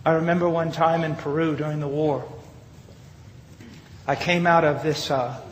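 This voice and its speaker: A man preaching a sermon with dramatic storytelling, rising loud and then dropping to a hush. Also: on the high side, fairly even intonation, moderate pace. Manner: dramatic storytelling, swings between loud rises and hushed drops. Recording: long hall reverb, faint noise.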